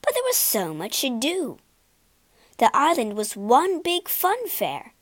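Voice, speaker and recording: Woman, storybook narrator, expressive, slow, lively pitch. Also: dry recording. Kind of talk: storybook read-aloud.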